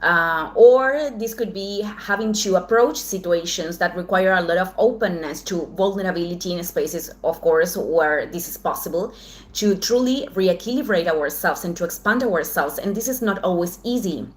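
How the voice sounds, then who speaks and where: A woman who speaks English as a second language gives a weekly astrology forecast, halting and searching for words with frequent restarts. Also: fairly low pitch. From Southern Hemisphere. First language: not English. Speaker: astrology channel host.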